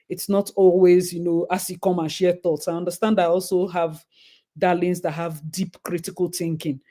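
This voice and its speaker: A woman hosts a live stream in a fairly low voice. She talks casually and breaks into high, excited thanks for her viewers.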